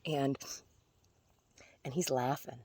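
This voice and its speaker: Speaking slowly in an extremely low, darkish voice with fairly even intonation, a woman vlogger who does tarot readings chats outside among trees. She rambles, teases herself, and laughs at her own jokes, and there's no room sound.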